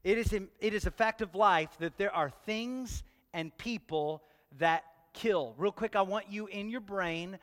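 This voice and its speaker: High-voiced pastor, playful, church hall reverb. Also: male voice, unhurried, few pauses, a bit bright. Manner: playful, talks straight to the congregation with questions. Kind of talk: sermon.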